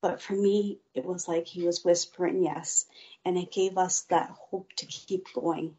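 A woman's voice: lowish voice, steady tone, warm tone, muffled recording. A woman guest earnestly telling a personal faith testimony in an interview. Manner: slow, earnest storytelling.

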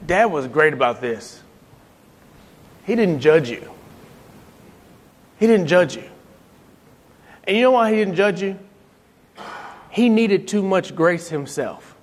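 Man, high voice, animated storyteller, acts out voices, long hall reverb. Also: slow, pauses often. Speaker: speaker telling stories about his father. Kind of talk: storytelling talk to an audience.

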